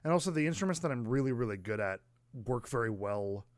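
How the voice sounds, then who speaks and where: A man from the United States co-hosting a podcast in casual chat, animated, full of fillers and mock outrage. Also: mid-range voice, fast talker, no room sound, studio quality. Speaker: podcast co-host, musician.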